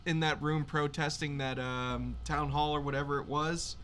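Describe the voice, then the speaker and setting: A man's voice: a little high, steady tone, normal speed, fairly bright tone. Conversational man co-hosting. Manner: conversational, hesitant with fillers. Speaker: live stream co-host. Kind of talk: casual political chat.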